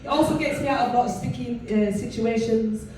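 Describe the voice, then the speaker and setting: A woman's voice: on the high side, fairly quick. A woman with a Leeds accent performing a chatty stand-up comedy set in a club. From northern England. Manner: animated, chatty, full of fillers. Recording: echoey club from far off with room noise.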